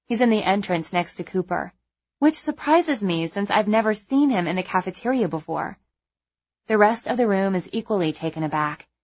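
A young adult woman narrating a first-person audiobook in a measured, wry, conversational way. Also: medium pitch, slightly rough, dull audio.

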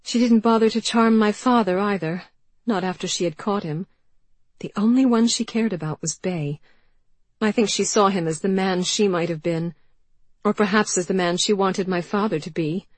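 A woman's voice: mid-range voice, moderate pace, dry recording, pitched above the performer's own voice, natural voice. A woman reading an audiobook, voicing a distraught young woman whose voice rises and cracks with emotion. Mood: anguished. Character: young woman, grieving, raw and agitated. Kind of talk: audiobook character voice.

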